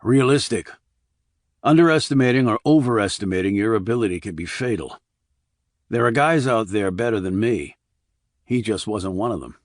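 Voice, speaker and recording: A man reading the part of a calm, blunt male army investigator, terse and level. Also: on the low side, moderate pace, dry recording, studio quality. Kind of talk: audiobook character reading.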